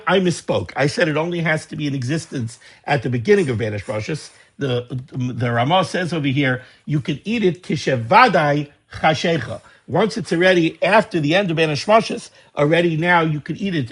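A man teaching a lesson on religious law, reading passages aloud and explaining them in a lively way. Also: on the high side, slightly rough. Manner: lively explaining, reading Hebrew texts and translating. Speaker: Torah teacher. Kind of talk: Talmudic study lecture.

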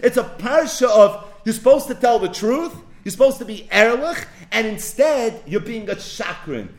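Animated high-voiced man teaching Torah. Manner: animated, poses rhetorical questions and answers them; quotes verses in a slow recitation. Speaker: rabbi teaching a text class. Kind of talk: Torah lecture.

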